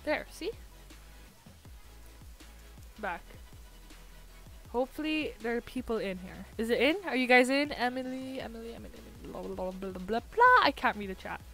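A woman streaming a game, chatting to viewers in an excitable, chatty way and laughing often. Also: a little high, moderate pace, long pauses, soft background music. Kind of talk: casual live-stream gaming chat.

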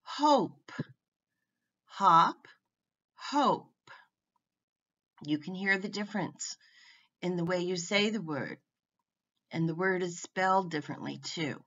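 A woman teaching a phonics lesson, sounding out words one at a time with clear emphasis. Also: on the low side, normal speed, a bit bright. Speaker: reading teacher. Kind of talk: slow, deliberate phonics lesson. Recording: muffled lo-fi recording.

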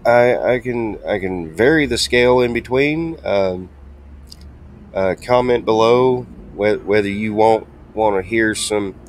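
A man with a deep, low voice chats loosely over gameplay, stumbling through ums and restarts. Faint engine and road noise from the truck game hums behind him. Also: unhurried. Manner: hesitant, many ums and restarts, chatty. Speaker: gaming channel host. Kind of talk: casual gameplay commentary.

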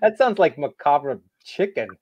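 A man's voice: a little slow, lo-fi sound, crowd noise. A man joining a podcast remotely, laughing as he recounts a story. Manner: laughing, very lively pitch. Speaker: remote guest. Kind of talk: casual chat. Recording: noisy, clicky remote call audio.

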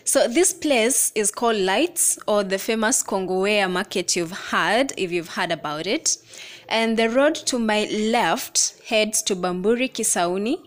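A young Kenyan woman with a Kenyan accent, narrating a casual travel vlog from inside a moving minibus, excited and chatty, pointing out sights with the odd swear word. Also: mid-range voice, measured pace. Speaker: vlogger.

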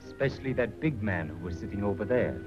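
An actor playing a calm, watchful man who speaks formally in aphorisms and drops his articles, in 1930s film acting. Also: on the low side, quick pace, over music, natural voice. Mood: measured. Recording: dull 1930s film soundtrack.

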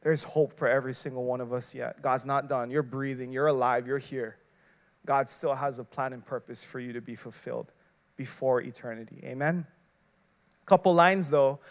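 A man preaching a sermon as an associate pastor. He talks conversationally, using lots of filler words and rhetorical questions. He swings between loud, emphatic bursts and quiet, hushed passages. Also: medium pitch, steady tone, normal speed.

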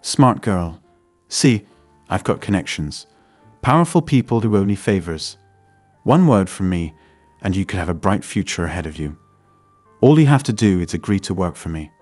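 A man's voice: deep voice, very animated, normal speed, darkish tone, dry recording, faint music behind. A man voicing a smug, menacing male loan shark who speaks in a mocking, threatening way.

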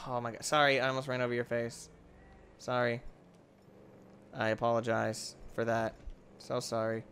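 A young man talks his way through a video game at a middle pitch, swinging from mutters to yelps as he trash-talks his friend. His commentary is casual, excitable and full of mock-drama. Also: a little fast, slight background noise. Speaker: gaming video host.

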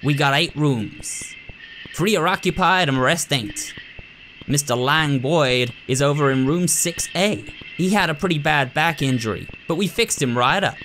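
A man voicing a gruff, bossy anteater woman doctor who talks in a drawling country way. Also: on the high side, unhurried, a bit bright, a little hiss or hum, low-quality recording.

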